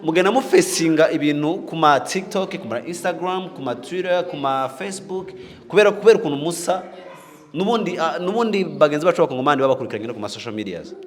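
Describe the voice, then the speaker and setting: A man's voice: a little high, animated, quick pace, long reverb tail. A man hosting a panel discussion, asking questions and mixing in English words. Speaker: host.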